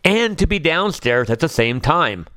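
A man's voice: a little high, big pitch swings, a little slow, pushed and bright, no room sound, full character voice. Guy reading as a puzzled storybook owl, earnest, kinda fretful, voice bounces around a lot.

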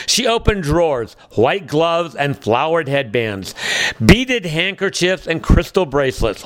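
Man, storybook reader, unhurried, occasional restarts, higher pitch. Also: no room sound. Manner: unhurried reading with small slips and restarts. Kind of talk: reading a children's book aloud.

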